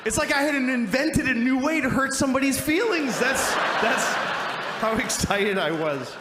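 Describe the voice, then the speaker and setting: A male comedian telling a wry, exasperated story, with sudden loud outbursts. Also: very high-pitched, expressive, moderate pace, roomy sound, very noisy. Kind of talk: stand-up and talk show chat.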